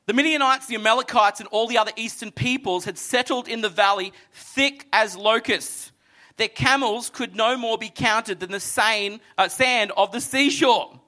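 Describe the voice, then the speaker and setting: Man, pastor, sermon, high voice, bright tone, animated storytelling, acts out characters. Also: moderate pace. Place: church hall with congregation.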